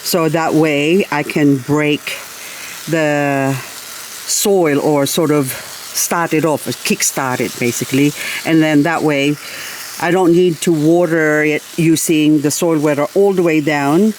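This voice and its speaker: A woman's voice: low voice, steady tone, slow, a little mellow, a little hiss or hum, poor audio. A woman vlogging as she waters her garden. She chats casually and talks fondly to her plants. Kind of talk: casual chat while working.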